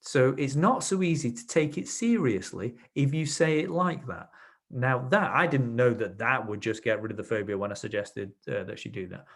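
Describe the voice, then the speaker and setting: A man's voice: mid-range voice, animated, normal speed. A man teaching a webinar as a trainer, explaining his ideas through anecdotes from his sessions, with frequent restarts. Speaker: NLP trainer. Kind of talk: webinar lecture.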